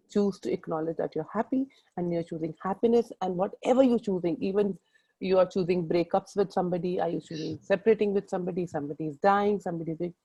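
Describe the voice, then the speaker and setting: A woman's voice: fairly low pitch, warm tone, breathy edge, poor audio. A middle-aged woman with an Indian English accent, leading a motivational group call and urging her listeners in a rambling, earnest way.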